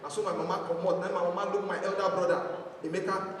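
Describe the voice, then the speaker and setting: A man with a Nigerian accent performing a stand-up comedy set, telling animated stories and acting out his family. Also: high-pitched, very fast, slight background noise. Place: church hall stage. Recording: echoey hall from far off.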